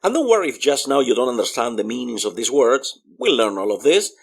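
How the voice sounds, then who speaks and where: A man teaching a video language lesson, sounding out each letter slowly and repeating the example words. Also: medium pitch, sing-song, creaky, husky. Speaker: Spanish teacher.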